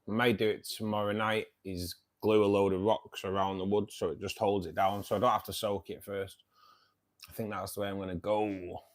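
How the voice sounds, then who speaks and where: A man hosting a casual livestream, chatting with viewers in a friendly, hesitant way, full of ums and calling people mate and buddy. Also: lowish voice. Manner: hesitant, many ums and restarts. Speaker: aquarium channel host.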